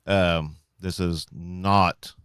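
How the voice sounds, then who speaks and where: A man's voice: sits low, steady tone, extremely slow, fairly bright tone, clean tone, no room sound, clean studio sound. A man co-hosting a casual chat with friends, joking around. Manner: joking, vocalizes guitar and drum sounds. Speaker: podcast co-host.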